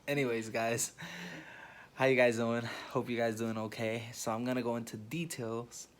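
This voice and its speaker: A young man telling a story to his vlog audience, talking low and hushed in a hospital room. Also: flat delivery, moderate pace. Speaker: vlogger.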